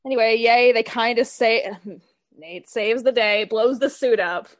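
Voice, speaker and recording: A woman with a fairly high voice chatting casually on a fan podcast. She keeps adding quick, chatty asides as she recaps the scenes. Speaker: podcast co-host. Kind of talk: casual chat recapping a TV episode.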